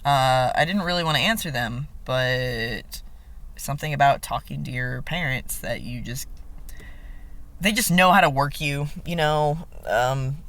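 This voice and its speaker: A young man with a bright, forceful voice tells a personal story straight to camera. His delivery is frank and frustrated, full of swearing and little ums as he vents. His pitch sits right in the middle for a man. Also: unhurried. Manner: blunt and heavily profane. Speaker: vlogger. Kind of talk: candid personal vlog.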